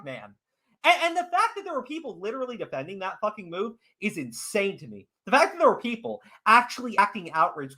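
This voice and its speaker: A man's voice: extremely high pitch, sharp tone. A man hosting a podcast, delivering a heated, profane rant of commentary with lots of emphasis. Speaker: podcast host. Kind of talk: ranting commentary.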